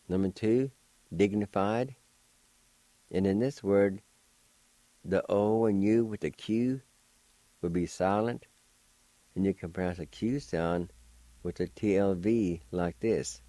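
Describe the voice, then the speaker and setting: Slow, patient man teaching pronunciation. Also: on the low side, mellow, dry recording. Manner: patient, spells letters and repeats syllables slowly. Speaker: language teacher and radio host. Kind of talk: slow word-by-word pronunciation lesson.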